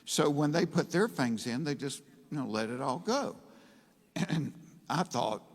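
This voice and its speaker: Male stand-up comic, higher voice, drawling deadpan delivery, long hall reverb. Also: a little slow. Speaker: stand-up comedian. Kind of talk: stand-up storytelling. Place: stage in a large hall.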